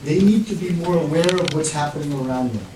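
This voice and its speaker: A man's voice: on the high side, brisk. A man presenting a parenting workshop, talking with his audience and acting out the lines of parents and children. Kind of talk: interactive workshop talk. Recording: echoey room, mic at a distance, background noise.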